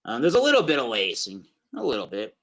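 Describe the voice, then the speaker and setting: A man's voice: medium pitch, wildly swooping pitch, fast, a bit bright, low-quality recording. A man hosting a casual beer review show, rambling through tasting notes with plenty of fillers.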